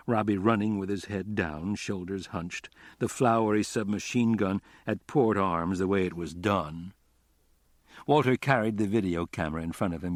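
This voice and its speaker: A man reading crime fiction as an audiobook narrator in an even, understated way. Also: low voice, no echo, clean studio sound. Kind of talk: scripted narration.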